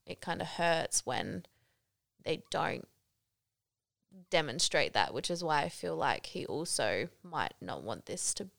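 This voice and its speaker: A woman's voice: deep voice, very animated, unhurried, gravelly, fairly bright tone, no room sound, studio quality. A young woman co-hosting a podcast in casual chat, candid and laughing often. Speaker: podcast co-host.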